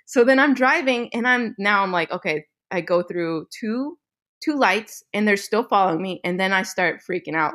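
A young woman podcast host telling a story in a casual chat, animated and laughing often, with some swearing. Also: on the high side, moderate pace. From Midwestern United States.

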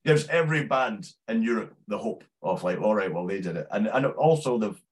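A Scottish man with a fairly low voice talks loosely as a podcast guest. He swears freely and laughs often as he chats. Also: expressive, fairly quick. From Scotland. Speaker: musician guest. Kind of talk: casual podcast interview.

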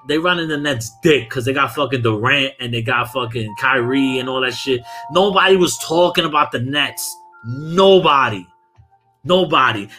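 A man's voice: fairly high pitch, bright, forceful tone. A man from Brooklyn, hosting a casual podcast and ranting about sports in heated, profane talk. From Brooklyn, New York. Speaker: podcast host.

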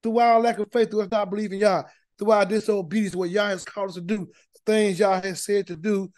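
A man's voice: sits high, fairly even intonation, brisk, a little mellow, no echo. A man leading an informal Bible study, preaching in a folksy, emphatic way and often repeating words as he builds a point. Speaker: Bible teacher.

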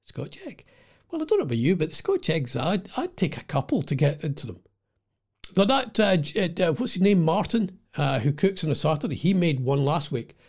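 A man's voice: a little high, very animated, a little fast, a little mellow, husky. Rambling older Scottish man at home. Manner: digressive, chatty, loses his thread. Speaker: vlogger. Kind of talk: casual rambling monologue.

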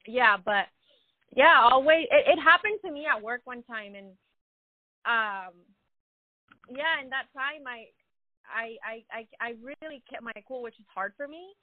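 Young woman, slangy casual storyteller, slightly high voice, dry tinny phone sound. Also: lively intonation, a little slow, no room sound. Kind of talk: casual chat.

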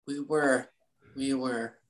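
A man's voice: medium pitch, steady tone, takes it slowly. A laid-back man in his thirties co-hosting a podcast in casual chat, mostly giving short agreeing replies. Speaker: podcast co-host.

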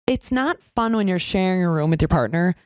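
A young woman co-hosting a podcast, chatting casually and acting out quoted lines in a higher voice as she tells stories. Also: brisk, no echo, clean studio sound. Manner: animated storyteller, acts out quotes in a higher voice. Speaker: podcast co-host. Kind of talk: casual chat.

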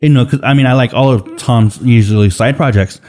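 A man's voice: mid-range voice, a little fast, darkish tone. A man co-hosting a podcast in casual chat, rambling through stories with frequent swearing. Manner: rambling, swears freely, mimics others. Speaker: podcast co-host.

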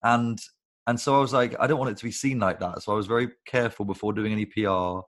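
A man with a very deep, low voice talks casually on a video call interview. He rambles through animated stories, swears freely and keeps things conversational. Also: fast. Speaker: guest, recruitment business founder.

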